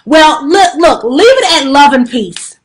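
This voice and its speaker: A woman's voice: high voice, expressive, a little slow. A woman on a live stream delivering an emphatic spiritual plea, preachy and repetitive, with casual slang and many fillers. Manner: preachy, emphatic, repeats pleas and warnings; casual slang-laced talk with frequent fillers. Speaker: livestreamer giving a spiritual message. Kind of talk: impassioned direct-address livestream plea. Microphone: phone on a live stream.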